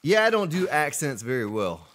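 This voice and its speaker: A man's voice: on the high side, sing-song, moderate pace, a bit bright. A man streaming a survival game, chatting casually with viewers and greeting them by name. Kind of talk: casual gameplay commentary.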